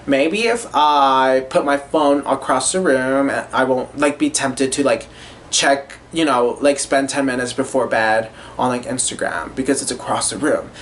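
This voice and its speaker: A man's voice: medium pitch, measured pace, a bit bright, a little hiss or hum. A young man hosting a casual, rambling, self-reflective monologue with frequent swearing. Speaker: podcast host.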